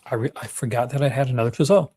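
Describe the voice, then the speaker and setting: A man's voice: mid-range voice, very fast, dark tone. A young Canadian man with a Canadian accent, hosting a casual livestream and chatting about his collection with lots of fillers and restarts. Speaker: livestream host.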